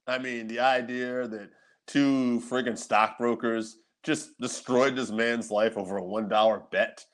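A man's voice: mid-range voice, fairly even intonation, unhurried. A man co-hosting a podcast in casual chat, rambling through movie memories, laughing often and swearing freely. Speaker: podcast co-host.

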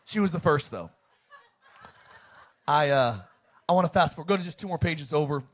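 A man's voice: on the high side, expressive, moderate pace. A man preaching a sermon as pastor, joking with the congregation and reading scripture with emphasis.

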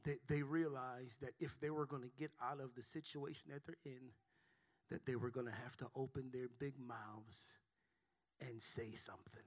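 A male pastor in his forties preaching a sermon in a church, building from quiet storytelling to shouting. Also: medium pitch, fairly even intonation, normal speed. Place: large church auditorium.

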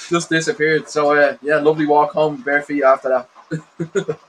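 A man's voice: fairly high pitch, moderate pace, a bit bright, rough recording. Easygoing male co-host with a faint hum of noise behind him. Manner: laid-back, laughs often. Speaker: podcast co-host. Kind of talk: casual podcast chat.

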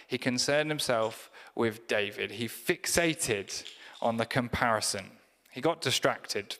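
A pastor delivers a sermon in a relaxed, storytelling way with touches of humor. He speaks slowly at a mid pitch. His voice rings through a reverberant church hall.

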